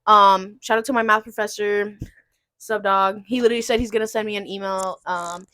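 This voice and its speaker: A woman's voice: mid-range voice, a little fast, dry recording. A young woman, a podcast co-host, telling stories in casual chat and acting out the people she quotes. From Southern California. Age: young adult. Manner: animated storyteller, mimics people she quotes; giggly, laughs through lines.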